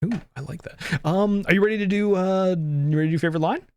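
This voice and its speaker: A young podcast co-host chats casually about a movie, rambling, laughing often and swearing loosely. His voice sits high with a darkish yet clear, resonant tone, and he talks fast.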